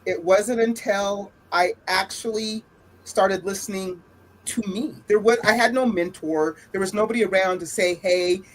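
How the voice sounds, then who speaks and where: A woman speaking as a panelist on a podcast. She shares something personal in an open, halting way, circling back and repeating phrases as she finds her words. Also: medium pitch. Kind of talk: candid personal sharing.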